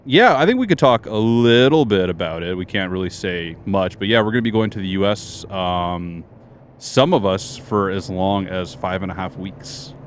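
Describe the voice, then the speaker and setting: A man's voice: sits low, animated, normal speed, a little hiss or hum. A man co-hosting a casual livestream, laid-back and joking with his co-host. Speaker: streamer co-host.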